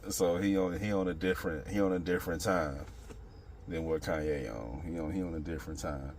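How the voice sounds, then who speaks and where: A man with a notably low voice talks straight to his channel's viewers in an unscripted opinion monologue. He rambles, circles back on his points, and leans on slang and the same filler phrases again and again. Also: fairly quick, a little mellow, slight background noise. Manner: rambling, street slang, repeats "you know what I'm saying". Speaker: channel host.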